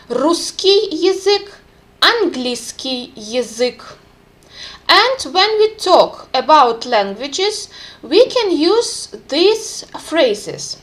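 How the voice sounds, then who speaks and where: Woman teaching vocab, high voice, really slow and careful. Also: a bit bright. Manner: careful, clear pronunciation with repeated examples. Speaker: language teacher.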